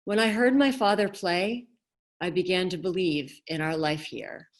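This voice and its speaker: A woman author reading her novel aloud in a measured, expressive way over a video call. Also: lowish voice.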